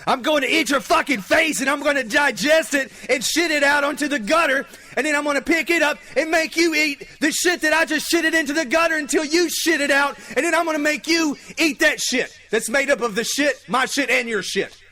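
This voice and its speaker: A man's voice: very high voice, fairly quick, few pauses, bright, forceful tone, pitched above the performer's own voice. A man putting on the voice of a screaming, foul-mouthed female zombie in a comedy podcast bit. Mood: screaming rage.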